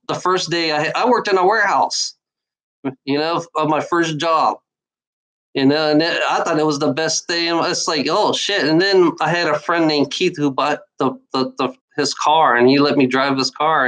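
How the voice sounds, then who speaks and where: A woman's voice: sits low, rough recording. Bitter, rambling woman in her forties. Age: 40s. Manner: rambling, repetitive, swears a lot; bitter, worn-out. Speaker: vlogger giving life advice. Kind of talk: casual monologue.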